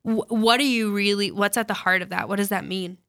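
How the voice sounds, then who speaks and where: A woman's voice: medium pitch, steady tone, fairly quick, a bit bright. A woman interviewing a guest, asking curious, probing questions in a conversational way.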